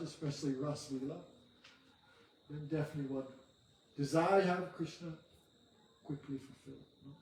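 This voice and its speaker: A man's voice: fairly high pitch, a little mellow, distant mic. A man giving a devotional class, asking rhetorical questions and often checking in with "no?". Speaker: spiritual teacher. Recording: echoey room, voice from afar, faint music.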